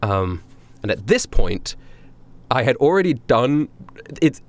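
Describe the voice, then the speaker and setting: A man's voice: medium pitch, slow pace. A young man co-hosting a podcast, telling a story casually with frequent laughs and fillers. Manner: animated, laughs often, filler-heavy. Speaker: podcast co-host.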